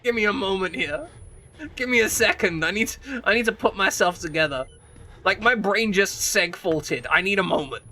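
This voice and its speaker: A man's voice: high voice, expressive, moderate pace. A man voicing a groggy, irritable man just coming round after a seizure, asking for a moment. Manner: curt, swearing, pleading for quiet.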